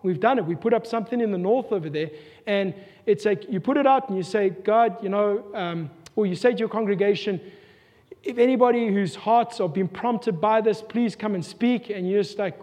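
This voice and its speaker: South African pastor, high male voice, earnest sermon full of questions, church-hall reverb. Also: normal speed, darkish tone. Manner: earnest, rhetorical questions, repeats himself.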